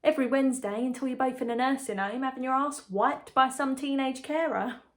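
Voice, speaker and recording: An actress brings to life a gossipy young woman, confiding in a breezy, chatty way in a dramatic monologue. Her voice sits a touch high for a woman. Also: brisk, close to an everyday voice. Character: chatty young woman engaged to a condemned prisoner. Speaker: lead character in a monologue.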